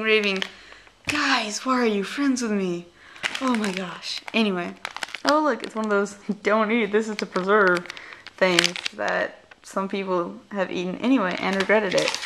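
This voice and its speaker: A young woman who teaches English, chatting casually and rambling off track, breaking into excited squeals as she unwraps things. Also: mid-range voice, gravelly, background noise. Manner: rambling, easily distracted, giggly; gushing excited squeals when unwrapping gifts. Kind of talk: casual vlog chat.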